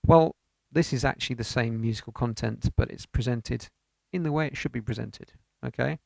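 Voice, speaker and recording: A man's voice: mid-range voice, normal speed, gravelly, a little mellow, dry recording. A man teaching an online piano lesson, encouraging and counting rhythms aloud. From United Kingdom.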